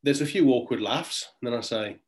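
A man's voice: medium pitch, lively intonation, fairly quick. A man from Birmingham with a Birmingham accent, a guest speaker telling jokey, self-deprecating stories in an interview. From Birmingham, England. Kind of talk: interview chat.

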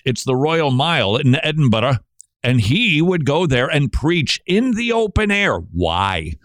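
A man hosting a Christian radio show, introducing a clip with quick asides and laughter. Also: medium pitch, fairly bright tone, no room sound. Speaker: radio host.

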